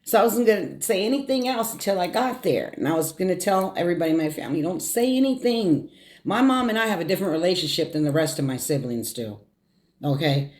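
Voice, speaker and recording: A middle-aged woman telling a personal story on her vlog, fighting back tears, halting and repeating words as she speaks. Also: lowish voice, expressive, a little mellow. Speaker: vlogger. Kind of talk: emotional story time.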